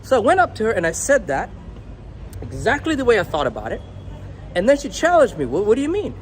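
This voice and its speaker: Young guy coaching on dating while out on the street, high voice swinging all over, crude and blunt, faint traffic behind. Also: brisk. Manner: blunt, crude, unfiltered, animated storytelling. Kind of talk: casual talking-to-camera advice.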